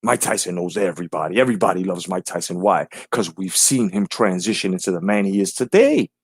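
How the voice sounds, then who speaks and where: A man's voice: deep voice, lively intonation, fairly quick, husky, no room sound, clean studio sound. A man hosting a live stream, ranting brashly and profanely while greeting viewers in the chat.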